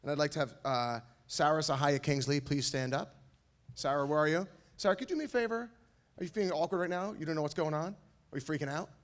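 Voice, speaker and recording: A man's voice: a little high, fast talker. Joking man addressing a school auditorium. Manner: joking, encouraging, playful asides. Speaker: school staff speaker at an awards night. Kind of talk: speech to an audience.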